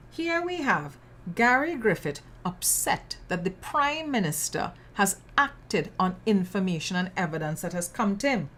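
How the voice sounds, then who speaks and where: A woman's voice: mid-range voice, a bit bright. A woman with a Trinidadian accent hosting a news commentary podcast, outspoken and sassy, full of local slang and emphatic repetition. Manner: emphatic, repeats words for effect. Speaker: podcast host.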